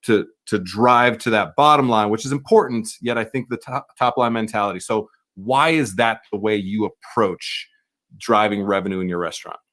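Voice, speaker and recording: A man hosting a podcast interview, talking in an energetic, emphatic way and repeating key words. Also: lowish voice, moderate pace. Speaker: podcast host.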